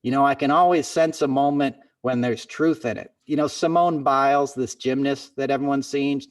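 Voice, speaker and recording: A man hosts a podcast in relaxed conversation, speaking with heartfelt conviction and rallying his co-host like a friend giving a pep talk. He sits a little back from the microphone, so his voice comes across slightly distant. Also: mid-range voice, normal speed. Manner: earnest, impassioned pep talk, calls listener "man" and "brother". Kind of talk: casual chat.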